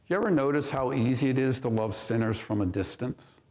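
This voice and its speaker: A man preaches briskly in a mid-range, darkish voice, reading scripture and commenting through rhetorical questions to the congregation. The long reverb of the church sanctuary surrounds him.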